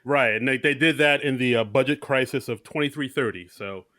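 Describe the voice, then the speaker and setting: A man with a bright, lively tone co-hosts a casual movie podcast. He is recorded close and dry, with no room sound. He retells scenes playfully and slips into quick impressions of the characters. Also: medium pitch, dry recording. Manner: jokey, acts out characters' lines. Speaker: podcast co-host. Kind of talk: casual movie recap chat.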